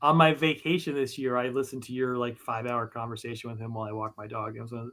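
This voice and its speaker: Fast-talking bright-voiced man guest. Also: medium pitch, little pitch movement. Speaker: podcast guest. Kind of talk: casual chat.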